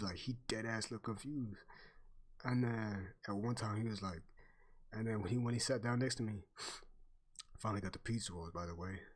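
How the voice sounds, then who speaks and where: A man's voice: medium pitch, a bit bright. A young man chatting casually on stream, telling a story full of slang and swearing and laughing often.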